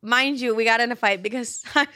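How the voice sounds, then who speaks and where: A woman's voice: a little high, fairly quick, pushed and bright, no echo, studio quality. A young woman in her twenties hosting a podcast, chatting casually and swearing freely, with lots of likes and some laughter. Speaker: podcast host. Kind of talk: casual chat. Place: apartment in a big US city.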